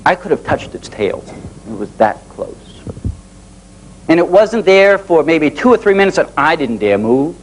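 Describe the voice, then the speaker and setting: A man in his forties giving a live motivational talk to an audience, telling personal stories in an animated way. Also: a little high, normal speed, a little hiss or hum, low-quality recording. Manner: animated storytelling, acting out dialogue with rising excitement. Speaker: motivational speaker.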